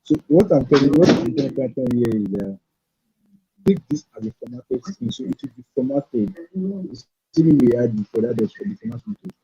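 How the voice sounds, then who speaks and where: A man teaching a live-streamed programming lesson, thinking aloud in halting phrases as he types. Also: mid-range voice, sing-song, gravelly, warm tone, husky. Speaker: programming tutor. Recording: dull lo-fi stream audio.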